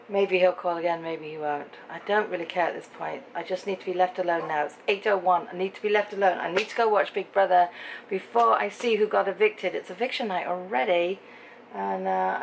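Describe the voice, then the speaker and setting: This vlogger, a middle-aged British woman, sits in her bedroom recounting a tale to camera with chatty exasperation. She speaks low and creaky, and the rough recording picks up a bit of background noise.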